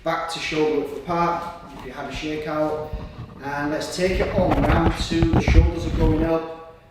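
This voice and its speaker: A man's voice: on the high side, flat delivery, measured pace, heavy background noise. A man leading a guided somatic exercise, giving encouraging cues and breathing audibly between them. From Britain. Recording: echoey room, voice from far off.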